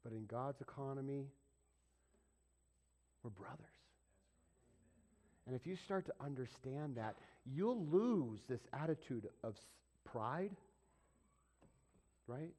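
A man preaching a sermon as pastor, swinging between loud, emphatic peaks and hushed whispers. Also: medium pitch, lively intonation, slow pace, long pauses.

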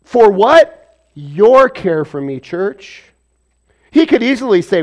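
A man's voice: sits high, very animated, takes it slowly. A man preaching a sermon, asking and answering his own rhetorical questions and acting out voices from the stories he tells. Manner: acts out biblical and everyday voices.

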